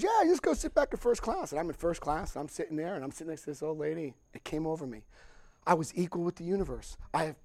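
Gravelly high-voiced man telling his story. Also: dry recording. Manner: lively storytelling, acts out voices, laughs often. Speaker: recovery speaker. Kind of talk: personal recovery talk.

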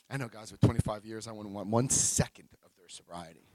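A middle-aged man sharing his recovery story at a meeting, telling it in an emotional, animated way. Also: fairly low pitch, a little fast, no room sound, rough recording.

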